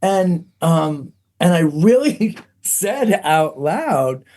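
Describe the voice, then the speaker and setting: A man's voice: fairly high pitch, very animated, extremely slow, a little mellow. A middle-aged man, a podcast guest, telling a personal story candidly, frank and self-mocking, with plenty of "um"s.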